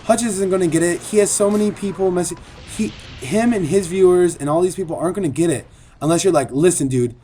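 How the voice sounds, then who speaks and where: A man's voice: sits high, fast talker, hardly any pauses, mellow, a little hiss or hum. A man giving a casual, earnest video commentary as a gaming commentator, rambling and repeating himself.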